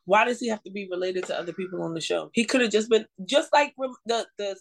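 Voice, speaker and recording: A woman's voice: mid-range voice, quick pace, creaky. Blunt, exasperated woman podcaster. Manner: blunt, exasperated, profane ranting. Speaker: podcast co-host. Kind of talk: casual chat.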